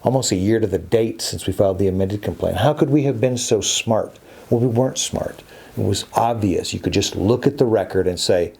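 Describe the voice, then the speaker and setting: A man's voice: fairly low pitch, fairly quick, creaky, darkish tone, breathy edge. A man, an attorney hosting a podcast, speaking in an emphatic, repetitive monologue that often stumbles and restarts.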